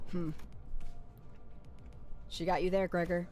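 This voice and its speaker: A woman's voice: on the low side, little pitch movement, extremely slow, darkish tone, faint music behind. A woman streamer chatting playfully and reading game dialogue aloud, with giggly joking asides.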